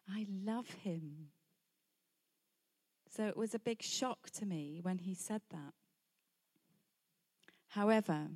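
Middle-aged woman preaching her testimony, slow and candid, storytelling style. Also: on the low side, mellow. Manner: candid, storytelling, laughs between points. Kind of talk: personal testimony sermon.

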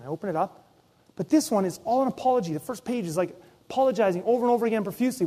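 A man preaching a sermon as pastor, telling personal stories with lively, acted-out asides. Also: sits high, fast. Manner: animated storytelling, acts out his own inner voice.

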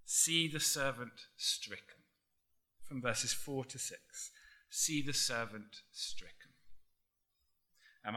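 A man preaching a sermon in a measured, emphatic way, dropping almost to a murmur on key words. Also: mid-range voice, pushed and bright.

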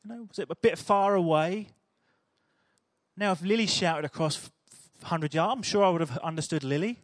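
A man's voice: high-pitched, normal speed, no echo, clean studio sound. A man preaching a sermon in a chatty, humorous storytelling way.

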